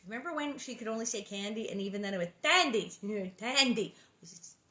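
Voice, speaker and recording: A woman's voice: mid-range voice, racing. A woman reading a children's book aloud, breaking off for squeamish, jokey asides. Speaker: reader.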